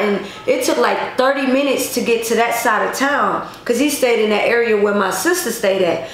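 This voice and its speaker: Casual woman vlogger, emphatic storyteller; slightly high pitch, very echoey room with faint noise. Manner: repetitive, emphatic, addresses viewers directly.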